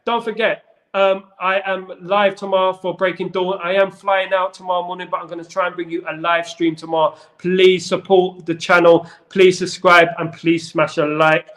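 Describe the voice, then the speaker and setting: A man hosting a casual football chat, rambling and jokey with playful wordplay. His voice sits a little higher than most men's. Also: flat delivery, normal speed, a bit bright. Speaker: football channel host.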